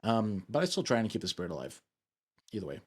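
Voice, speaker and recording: A man's voice: fairly low pitch, big pitch swings, fast, darkish tone, husky. Rambling, jokey male streamer. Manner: rambling, self-mocking and jokey. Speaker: VTuber streamer. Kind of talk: casual live-stream chat while gaming.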